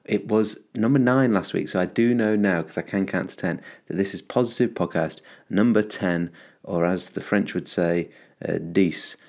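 Upbeat podcast host, very low voice with gravelly fry, rambling and full of ums. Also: male voice, moderate pace, darkish tone. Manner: rambling, upbeat, many fillers and restarts. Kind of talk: casual solo podcast monologue.

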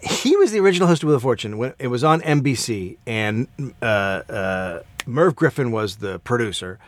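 A man co-hosting a podcast in casual comedic chat, profane and quick to mock other people's voices. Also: mid-range voice, no echo. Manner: profane, animated, mocks voices in quotes. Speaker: podcast co-host.

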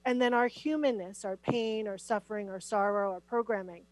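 A middle-aged woman, a podcast guest and spiritual teacher, telling her story in an animated, emphatic way during a conversational interview. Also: medium pitch, moderate pace, no room sound, poor audio.

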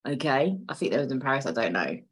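A woman's voice: rumbling low, lively intonation, fast talker, breathy edge, poor audio. A woman hosting a casual solo podcast, digressing, swearing freely and laughing as she talks. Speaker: podcast host.

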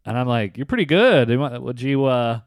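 Joking comedian co-host. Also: male voice, medium pitch, expressive, no echo, clean studio sound. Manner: joking, teasing banter with quick asides. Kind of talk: casual chat.

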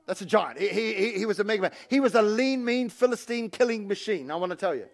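Gravelly high-voiced male pastor preaching. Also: quick pace. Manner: animated preaching, calls on the congregation. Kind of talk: sermon.

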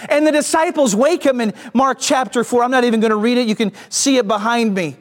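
A pastor preaching a sermon with emphatic delivery and rhetorical questions, swinging from raised to hushed. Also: medium pitch, fairly quick. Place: church stage with slides behind.

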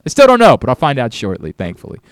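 A man's voice: medium pitch, huge pitch swings, fast talker, dry recording. A man hosting a sports radio show in casual chat, brash and teasing, swinging between mock outrage and laughter into a studio microphone.

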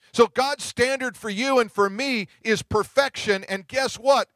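A middle-aged man pastor giving a sermon, telling stories in a conversational way and dropping to hushed tones at tender moments. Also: high-pitched, moderate pace, hardly any pauses, dry recording. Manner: conversational storytelling preaching, drops to hushed tones.

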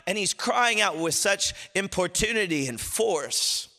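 Impassioned male pastor, bright ringing voice. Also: expressive, unhurried, in a large hall. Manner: swings from low murmurs to loud impassioned shouts. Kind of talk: sermon.

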